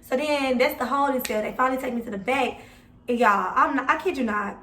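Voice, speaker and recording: A woman's voice: high-pitched, a little fast, sharp tone, a little hiss or hum. A young woman vlogger telling a story casually and with swearing, talking straight to her viewers. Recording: echoey room, mic at a distance.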